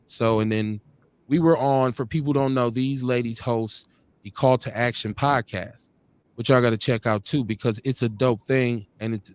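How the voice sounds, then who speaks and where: A man's voice: mid-range voice, no echo. A man hosting a live streamed podcast, talking in a laid-back way and often repeating himself. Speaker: podcast host. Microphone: video call.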